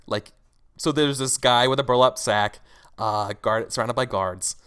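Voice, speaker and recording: A man's voice: on the low side, fairly even intonation, normal speed, fairly bright tone, clear, resonant tone. A man narrating a scene as game master in a tabletop role-playing game, rambling with many fillers.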